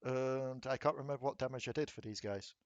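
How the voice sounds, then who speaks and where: The recording is dry and muffled, carrying a man's medium-pitched voice as he serves as game master for a tabletop game. Chatty and quick to laugh, he narrates, rolls dice, and rattles off rules in short bursts.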